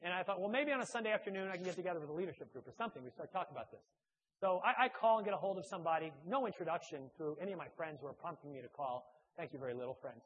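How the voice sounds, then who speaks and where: High-voiced man telling a self-deprecating story. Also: animated, racing, breathy edge, muffled recording. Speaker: church speaker and author. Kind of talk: humorous personal anecdote.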